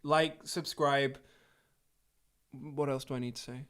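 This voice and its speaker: A man's voice: medium pitch, steady tone, slow, a bit bright, clear, resonant tone. A man hosting a casual livestream concert from a living room, joking and rambling as he signs off. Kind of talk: casual chat. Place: living room music space.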